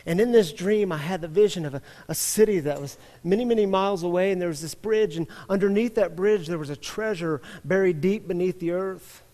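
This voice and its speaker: A man's voice: high voice, fairly quick, hardly any pauses, close to an everyday voice. A man voicing a sheepish, hesitant old rabbi. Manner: soft, hesitant, embarrassed. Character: sheepish old male rabbi, humble and earnest. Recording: long church-hall reverb.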